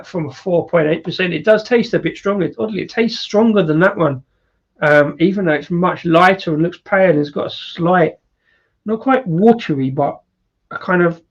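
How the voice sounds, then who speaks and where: Man, casual live-stream beer reviewer, rambling, slightly high voice, dull lo-fi sound. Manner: rambling, with many fillers and laughs.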